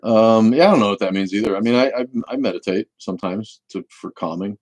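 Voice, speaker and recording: Man, casual livestream host, very deep voice, rambling answers, full of restarts. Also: fast talker, darkish tone, no echo, low-quality recording.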